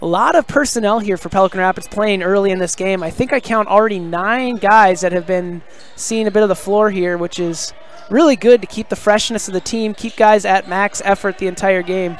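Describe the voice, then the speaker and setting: A man doing live play-by-play of a high school basketball game from the gym, excitable and shouting on big plays, with casual chatty asides. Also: a little fast, slight background noise.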